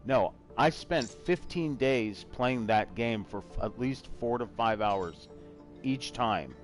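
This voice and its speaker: Soft background music plays under this middle-aged podcast host, whose mid-range voice is animated but slow. Hosting a casual gaming chat show, he rambles, makes self-deprecating remarks, and drifts into a joking put-on accent.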